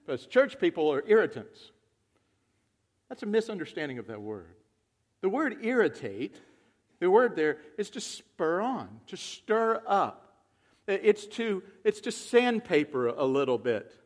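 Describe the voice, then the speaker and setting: Male pastor, high voice, conversational sermon with acted-out quotes and big swings in loudness. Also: very animated, moderate pace.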